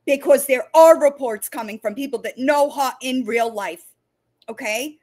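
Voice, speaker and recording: A woman's voice: high-pitched, moderate pace, a little mellow. Angry profane woman on a livestream. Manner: angry, profane, stumbling restarts. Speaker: livestream host. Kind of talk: heated livestream rant.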